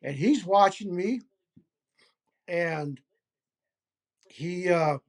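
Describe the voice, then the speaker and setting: Man telling a tense story, gesturing. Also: high voice. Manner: deliberate, acts out gestures as he narrates. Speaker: interview guest recounting a hunting encounter. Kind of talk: first-person storytelling in an interview.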